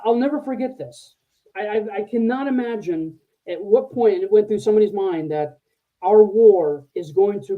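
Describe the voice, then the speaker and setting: An older man, a retired military officer, telling a rambling, halting story as a podcast guest. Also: high-pitched. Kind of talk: conversational war story. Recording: tinny phone-like line.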